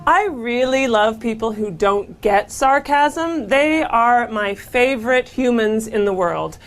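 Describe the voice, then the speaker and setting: A woman's voice: fairly high pitch, animated, slow. A woman competing on a comedy panel game, talking off the cuff and laughing at herself. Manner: chatty, laughs often, self-mocking. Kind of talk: improvised comedy speaking game.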